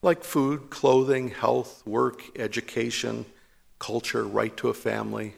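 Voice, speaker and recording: A man with a deeply gravelly, husky voice delivers a sermon as a priest. He speaks in a measured, emphatic way, slowing to stress each point, and his voice carries a long hall reverb. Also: steady tone.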